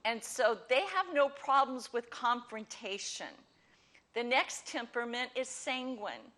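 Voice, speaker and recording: A woman hosting a ministry talk show, explaining ideas with lively acted-out examples before turning to her guest. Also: a little high, measured pace. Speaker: host.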